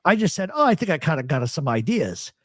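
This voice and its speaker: A man's voice: fairly high pitch, brisk, no echo, clean studio sound. A man hosting a live talk show, telling stories in casual chat and acting out the voices of people he quotes. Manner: animated storyteller, acts out quoted voices.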